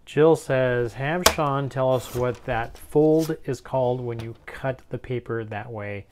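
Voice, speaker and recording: Relaxed man reading viewer comments. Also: medium pitch, takes it slowly, slight background noise. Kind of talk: casual live chat.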